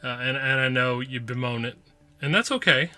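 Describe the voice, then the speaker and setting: A man's voice: mid-range voice, moderate pace, pushed and bright. A man hosting his own podcast, talking casually and playfully with lots of repetition and asides. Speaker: podcast host. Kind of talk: casual solo review.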